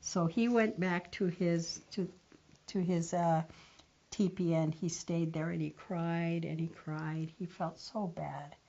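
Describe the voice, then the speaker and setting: Older woman, tribal elder storyteller, unhurried, muffled lo-fi recording. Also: fairly even intonation, warm tone. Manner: unhurried, voices the characters with raised pitch. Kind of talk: oral storytelling. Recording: dull lo-fi recording.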